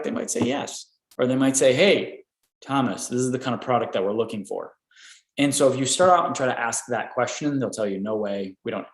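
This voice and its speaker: An energetic man coaches inventors through licensing negotiations, checking in with the listener by tagging "right?" onto his points. His voice sits at an ordinary middle pitch. The room around him rings with a noticeable echo. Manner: energetic, repeats "right?" often. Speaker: licensing expert answering inventor questions. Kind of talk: live Q&A coaching.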